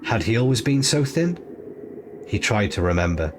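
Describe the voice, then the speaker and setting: A man reading an audiobook chapter in a measured, steady narration. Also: fairly low pitch. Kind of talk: scripted narration. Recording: noisy ambient background.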